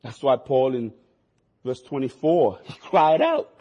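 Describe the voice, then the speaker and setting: A man preaching a sermon, his delivery swinging between quiet, low passages and rising, emphatic stretches. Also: huge pitch swings, unhurried, slightly rough, muffled recording. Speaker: pastor.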